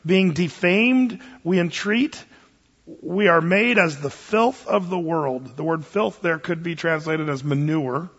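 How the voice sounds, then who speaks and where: A male pastor preaching a sermon in a relaxed, storytelling way, with frequent fillers and restarts. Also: on the high side, slow, breathy edge. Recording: dull sound in a long-reverb hall.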